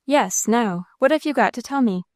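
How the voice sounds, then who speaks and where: A woman's voice: on the high side, animated, moderate pace, no room sound, studio quality, lightly acted. A woman narrator voicing a tender, earnest young husband in an audiobook. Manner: gentle, earnest.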